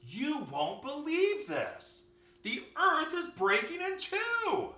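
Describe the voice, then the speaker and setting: A man voicing a small, frightened male bunny who speaks in high, slow, alarmed exclamations. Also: wildly swooping pitch, pushed and bright, full character voice. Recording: echoey room, far from mic.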